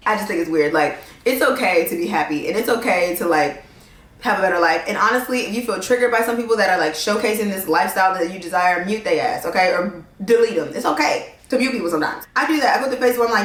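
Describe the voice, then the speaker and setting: A woman's voice: medium pitch, brisk. Chatty young woman vlogging in a roomy space. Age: young adult. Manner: chatty, animated, slangy and emphatic. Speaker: legal consultant and content creator. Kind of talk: casual talking-to-camera vlog.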